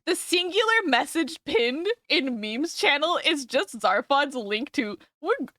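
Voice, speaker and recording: Giggly, high-voiced woman streamer. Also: a little slow, no room sound, clean studio sound. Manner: giggly, swears freely, excitable. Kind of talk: casual live-stream chat.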